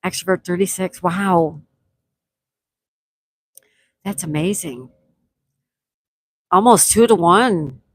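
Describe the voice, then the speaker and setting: A woman's voice: fairly low pitch, slow, pauses often, dry recording. Chatty woman hosting a live stream. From United States. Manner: chatty, upbeat, reads viewer comments aloud. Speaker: livestream host. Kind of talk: casual live-stream chat reading comments.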